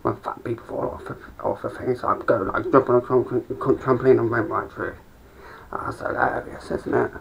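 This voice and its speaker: A young Englishman with a gravelly, fry-laden voice rambles through a stand-up routine, swearing freely and mumbling asides. The sound is dull and lo-fi, like a cheap home setup. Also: mid-range voice, steady tone, normal speed. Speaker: amateur comedian.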